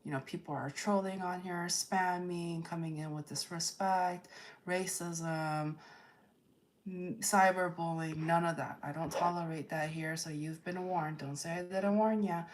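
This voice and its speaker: A woman's voice: lowish voice, fairly even intonation. A woman hosting a tarot livestream, reading viewer comments aloud and firmly setting chat rules. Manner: slow and deliberate, firm about chat rules.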